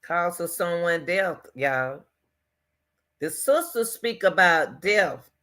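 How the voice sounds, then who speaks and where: Lady host doing slow commentary, bright forceful voice, keeps repeating herself to viewers. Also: lowish voice, animated. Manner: emphatic, repeats phrases, talks straight to viewers. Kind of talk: casual commentary on a news case.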